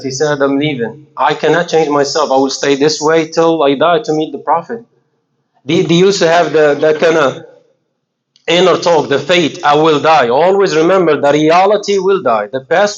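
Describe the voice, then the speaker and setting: A man giving an informal religious talk in an earnest, halting way, asking questions and answering them himself. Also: on the high side, lo-fi sound. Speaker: religious speaker.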